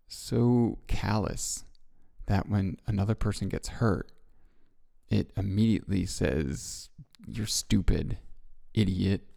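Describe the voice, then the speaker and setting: A man hosting a reflective self-help talk, speaking gently and musing with soft laughs. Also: on the low side, gravelly. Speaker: podcast host.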